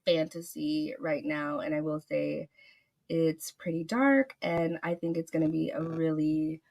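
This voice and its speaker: A woman's voice: low voice, measured pace, vocal fry, darkish tone. A woman author telling a long story in a casual podcast interview, gushing and rambling with many fillers. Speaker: author guest.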